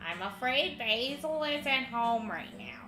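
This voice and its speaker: A woman voicing a gentle elderly woman who speaks softly and politely, recorded in an echoey room. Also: sits high, animated, slow pace, over music.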